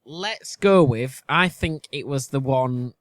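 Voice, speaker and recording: A man's voice: medium pitch, takes it slowly, dry recording. A man co-hosting a casual podcast, musing hesitantly over quiz answers and cutting in with questions. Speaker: podcast co-host and quiz contestant. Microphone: video call.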